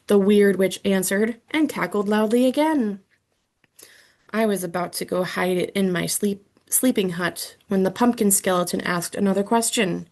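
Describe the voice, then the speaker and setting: Slow, gravelly woman reading a children's book. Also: mid-range voice. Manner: expressive storytelling, first person. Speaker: audiobook reader.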